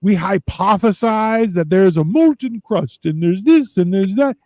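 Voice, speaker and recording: A male podcast host with a fairly high voice, ranting and swearing through a casual livestream chat. His sound is dry and close, with no room echo. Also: lively intonation, unhurried, darkish tone. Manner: profane, ranting, sarcastic.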